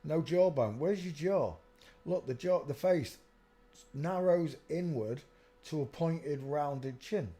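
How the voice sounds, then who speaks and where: Speaking slowly in a fairly high voice with a dark tone, a man hosts a live stream. He rambles casually and keeps saying "look" while pointing viewers to pictures.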